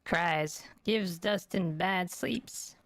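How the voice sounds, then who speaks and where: A skittish little opossum creeps through clipped, broken phrases, slow and wary, as a man puts him on. The voice is raised above his usual, and it sits close and dry against the mic. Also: high voice, fairly bright tone, no echo, voice pushed up, full character voice. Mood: fearful, terse. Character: small frightened male opossum, broken speech.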